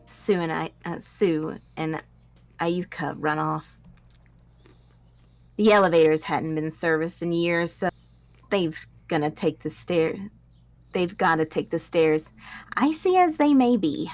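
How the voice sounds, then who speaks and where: Woman reading a story script out loud, lowish voice, trips over words and fixes them. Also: fairly even intonation, takes it slowly, long pauses, no room sound. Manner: stumbling, self-correcting reading with laughing asides. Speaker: storyteller reading an audio drama. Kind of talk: reading a story script aloud in first person.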